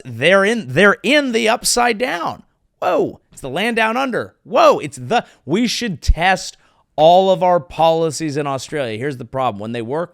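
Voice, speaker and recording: Man, comedian host, sarcastic monologue, lively swooping pitch, dry close sound. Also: vocal fry, dry recording. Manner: sarcastic, riffing, animated.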